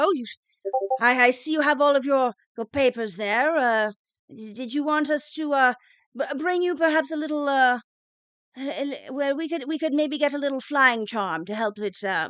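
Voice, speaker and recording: A woman's voice: high voice, fairly bright tone, clear, resonant tone, no echo. A woman voicing an older male university dean who stammers and talks down to people. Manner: stammering, halting, patronizing.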